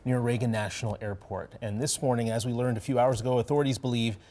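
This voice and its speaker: A man's voice: medium pitch, fast talker. A man anchoring a morning TV news show, reading stories and joking with co-hosts. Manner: lively, joking.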